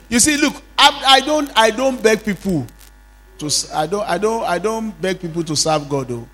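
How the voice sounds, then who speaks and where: A fervent man preaching with a high voice, chanting prayers and calling out lines for the congregation to repeat. His voice rings with the long reverb of a church hall. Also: expressive, moderate pace, pushed and bright. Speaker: pastor. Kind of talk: sermon with prayer.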